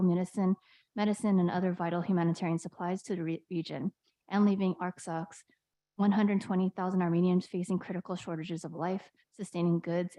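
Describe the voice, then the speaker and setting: Woman trustee reading a resolution out loud, halting, keeps clearing her throat. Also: lowish voice, low-quality recording. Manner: halting, stumbles over words, clears throat often. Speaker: board trustee. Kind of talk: reading a resolution aloud at a meeting.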